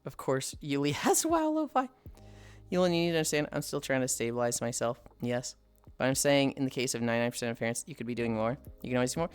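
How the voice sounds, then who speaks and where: A woman livestreams while out on a walk, chatting bluntly with friends and reading the chat aloud. Her rumbling low voice is expressive, fast, clear and resonant, and the recording is dry.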